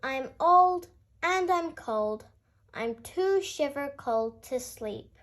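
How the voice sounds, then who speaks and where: A woman's voice: sits high, expressive, slow. A woman voicing a grumpy, sleepless old male bear who snaps and bellows in a storybook reading. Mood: weary. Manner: bellowing, snappish.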